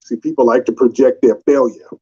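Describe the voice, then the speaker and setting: Here a man hosts a combative live call-in stream, his mid-range voice steady, dark, slightly rough and a little fast. He taunts and mocks, asking his questions over and over, and the stream audio is muffled and lo-fi.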